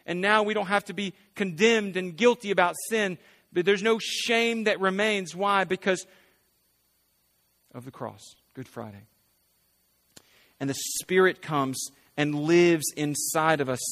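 High-voiced man preaching a sermon. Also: fairly bright tone. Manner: conversational preaching, rhetorical questions, frequent "right?". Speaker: pastor.

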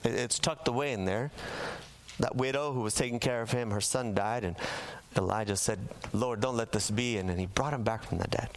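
A man's voice: mid-range voice, brisk. A man preaching a sermon in a church, telling a Bible story with humor and acting out the characters' lines for the congregation. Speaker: pastor. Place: church sanctuary.

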